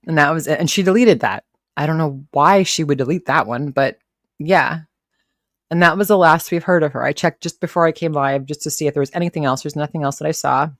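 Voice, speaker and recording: A woman's voice: sits low, no room sound, clean studio sound. A woman hosting a casual live stream, chatting and rambling as she reads posts aloud and greets viewers in the chat. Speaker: livestream host reacting to commentary.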